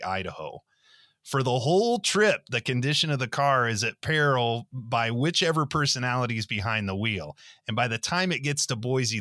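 A man's voice: lowish voice, pushed and bright, no room sound, clean studio sound. A man hosting a podcast, delivering grandiose introductions and asking interview questions. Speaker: podcast host.

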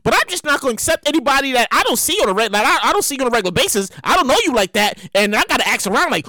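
A woman in her thirties with a New York accent, hosting a comedic podcast monologue from home, animated and excitable, repeating herself and breaking into shouts. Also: high voice, very fast, few pauses, dry recording, studio quality. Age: 30s. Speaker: podcast host. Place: home, seated in a chair. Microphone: podcast microphone.

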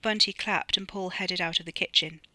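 A woman's voice: on the low side, steady tone, moderate pace, bright, forceful tone, dry recording. Woman reading her own audiobook. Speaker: author reading her novella. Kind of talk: audiobook narration.

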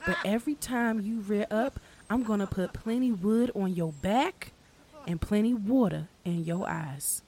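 A woman's voice: mid-range voice, unhurried, warm tone, a little hiss or hum, lightly acted. A woman doing a swaggering, boastful man. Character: boastful man bossing his wife.

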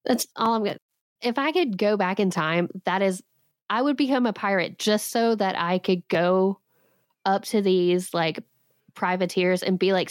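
A woman's voice: mid-range voice, a little slow, pauses often, dry recording, studio quality. A woman in her thirties hosting a podcast, retelling a legend with sarcastic comic asides and frequent laughs. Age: 30s. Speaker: podcast host.

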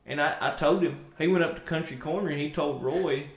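A man's voice: fairly high pitch, a little fast, reverberant. A man with a North Louisiana accent telling a rambling story in a casual podcast chat, playful and joking. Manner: playful, slips into put-on voices and drawled stories. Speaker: podcast guest. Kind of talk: casual chat with joke impressions.

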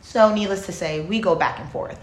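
Profane animated woman in an echoey room. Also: on the low side, brisk. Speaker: podcast co-host. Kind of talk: casual storytelling chat.

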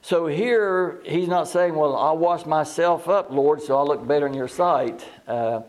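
A man teaching a Bible study in a folksy, halting way, reading scripture slowly. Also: on the high side. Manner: folksy, plain-spoken and halting.

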